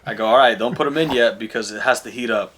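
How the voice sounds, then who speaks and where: A young man with a bright, forward voice sits in for casual podcast talk. He spins everyday stories and jumps into the voices of the people in them. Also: mid-range voice, fast talker. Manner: animated, acts out dialogue in stories. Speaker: podcast co-host. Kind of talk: casual storytelling chat.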